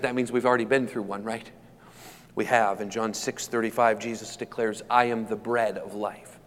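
Male pastor, mid-pitched voice, dynamic sermon delivery, long reverb. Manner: dynamic preaching, building from hushed to loud emphatic peaks.

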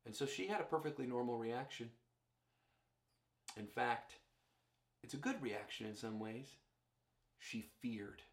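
A man's voice: mid-range voice, measured pace, pauses often, roomy sound. A male pastor preaching a sermon, storytelling and addressing the congregation directly.

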